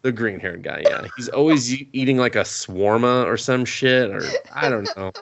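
A man's voice: mid-range voice, normal speed, vocal fry, heavy background noise. A man casually recapping an anime on a podcast, rambling and laughing, acting out the characters' lines with plenty of swearing. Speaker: podcast co-host.

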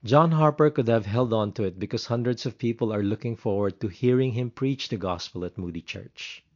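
A man telling a devotional story in an earnest, measured way, slowing down for dramatic moments. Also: mid-range voice, darkish tone, highs cut off.

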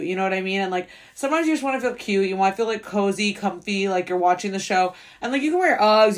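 Young female podcast host, quick rambling chatter, full of fillers and upbeat asides. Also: on the low side. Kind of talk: casual solo podcast chat.

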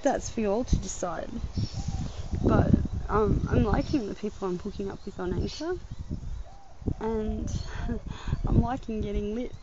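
A woman's voice: medium pitch, a little slow. A woman, congested from a headache, musing aloud and laughing in a casual outdoor podcast monologue. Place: outdoors, sitting on the ground. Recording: muffled with clear background noise.

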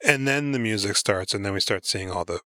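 A man's voice: on the low side, fairly quick, bright, forceful tone, no echo, studio quality. A man in casual movie-podcast chat, retelling scenes and acting out the characters' lines in an offhand, profane way. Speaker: podcast co-host.

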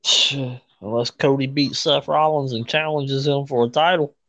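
A man in casual chat about wrestling, excitable, laughing often and swearing freely. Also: mid-range voice, moderate pace, no room sound.

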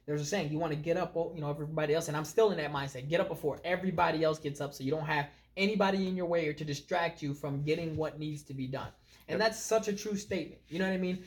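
A man co-hosting a podcast, telling stories animatedly in casual chat with many fillers. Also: on the high side. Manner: animated, storytelling, filler-heavy. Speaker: podcast co-host.

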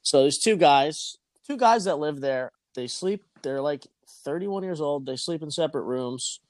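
A man's voice: a little high, animated, normal speed, a little mellow, no echo. A man in his twenties telling a long story in casual chat, rambling and swearing, with frequent restarts.

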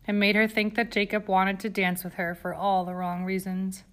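A woman reading a novel aloud as narrator, in a calm, even storytelling manner. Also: medium pitch, moderate pace. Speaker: audiobook narrator. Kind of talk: scripted narration.

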